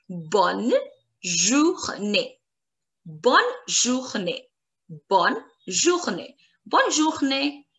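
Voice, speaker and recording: Female French tutor, slightly high voice, patient drilling pace, upbeat praise. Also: sharp tone. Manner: slow, repeats each word many times for practice; encouraging, calls out guesses and praise. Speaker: French teacher. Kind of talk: online language lesson.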